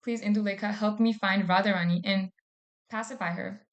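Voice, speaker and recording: A woman's voice: mid-range voice, steady tone, a little fast, highs cut off, natural voice. A woman voicing a young male divine lover in a retold story, pleading and eager.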